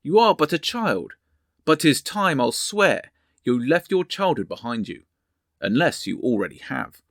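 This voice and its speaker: A drunken, arrogant young duke, haughty and sneering, as a man reads him aloud. He slurs and pushes his voice up high and loud. The sound is close and dry. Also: sing-song, measured pace, no room sound, exaggerated voice. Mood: leering.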